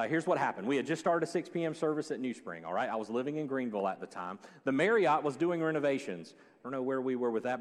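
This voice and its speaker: A man preaching a sermon as a joking, animated storyteller. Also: medium pitch. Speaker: pastor. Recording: long hall reverb.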